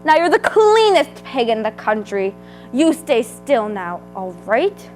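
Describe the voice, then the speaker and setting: A woman voicing a hungry, greedy male fox who talks loudly and gloats in a read-aloud storybook. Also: a little high, sing-song, unhurried, soft background music, poor audio. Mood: musing. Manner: loud, growling, gloating.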